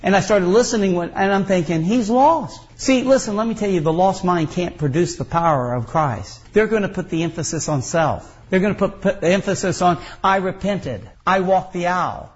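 Male pastor, high tenor, emphatic folksy sermon, dull lo-fi recording. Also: animated, a little fast, hardly any pauses, darkish tone. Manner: folksy, emphatic preaching with rising outbursts.

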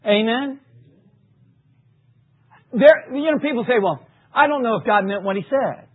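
A man preaching a sermon, reading scripture emphatically and dropping low for asides. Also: measured pace, husky. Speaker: pastor. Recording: tinny phone-like recording.

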